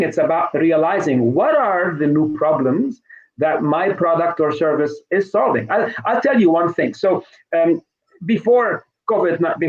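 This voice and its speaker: A man's voice: fairly high pitch, echoey room, highs cut off. A middle-aged man, a sales trainer being interviewed live, telling stories with many restarts and fillers. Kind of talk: live online interview, conversational.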